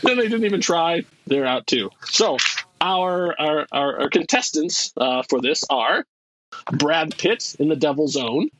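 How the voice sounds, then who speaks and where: On a lo-fi recording, a co-host of a laid-back movie podcast runs a game, laughing a lot, chatting loosely and restarting his sentences. His voice is a little high, expressive and fairly bright, at a measured pace.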